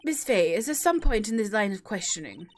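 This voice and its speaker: A woman voicing a posh, pompous elderly British male judge in a put-on posh British accent, speaking slowly in a lowered voice. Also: big pitch swings. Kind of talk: voicing a video game character.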